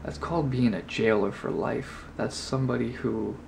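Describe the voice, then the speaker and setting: A man's voice: mid-range voice, steady tone, moderate pace, gravelly, noisy background. A man vlogging, telling a story casually to camera in a rambling way with lots of filler words. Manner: rambling, heavy on "you know" fillers.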